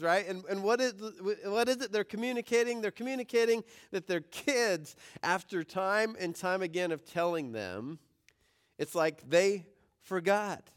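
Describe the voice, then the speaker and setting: A man's voice: high voice, moderate pace, smooth. A male pastor giving a conversational sermon to his congregation, mixing family stories with scripture. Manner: conversational preaching with anecdotes. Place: church room with congregation. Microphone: forgot microphone, picked up by room audio.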